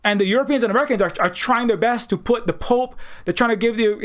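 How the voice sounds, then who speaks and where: A man with a rather high voice delivers a rambling, heated political monologue to his channel's viewers. He stumbles and restarts often and slips into mocking put-on voices. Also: quick pace. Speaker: political commentator, channel host.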